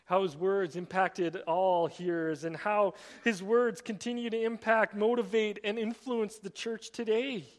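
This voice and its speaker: A man preaching a sermon, swinging between emphatic raised passages and quiet, drawn-out emphasis. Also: high-pitched, steady tone, in a large hall. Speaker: pastor.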